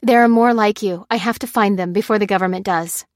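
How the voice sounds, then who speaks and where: A woman's voice: mid-range voice, fairly even intonation, a little fast, no room sound, studio quality, close to an everyday voice. A woman reading the lines of an urgent, commanding woman who gives firm, clipped warnings.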